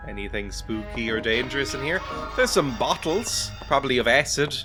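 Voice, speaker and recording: A man's voice: mid-range voice, animated, normal speed, over music. A man giving casual, sarcastic commentary while playing a video game, joking and laughing often. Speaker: let's play gamer.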